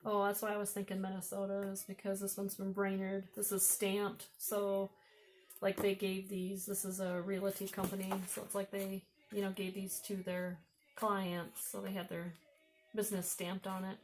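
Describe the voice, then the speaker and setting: A woman's voice: mid-range voice, monotone, normal speed, a little hiss or hum. A woman with an Upper Midwest American accent, chatting casually as she shows off vintage books she found at thrift stores and admires the pictures while thinking aloud. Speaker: vlogger showing thrift finds. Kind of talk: casual show-and-tell.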